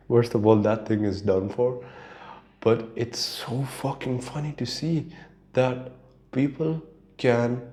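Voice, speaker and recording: A man with a medium-pitched, dark voice hosts his own podcast as a casual solo monologue, rambling profanely and laughing at his own stories.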